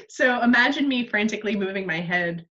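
A woman talks in a relaxed, self-deprecating way, often breaking into laughter. Her voice sits mid-range for a woman. The recording sounds a little dull and lo-fi. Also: medium pitch, normal speed. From United States. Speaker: podcast guest. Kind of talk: casual conversational podcast. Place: Australia.

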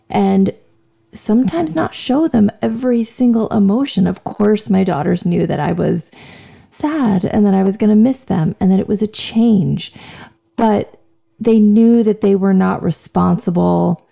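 A woman in her forties talks openly on her own podcast, with a heavily gravelly, fry-laden voice that is hoarse and cracking from recent laryngitis. Her tone is dark and mellow, and she speaks with raw emotion and casual swearing. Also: medium pitch. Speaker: podcast host. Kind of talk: candid personal monologue.

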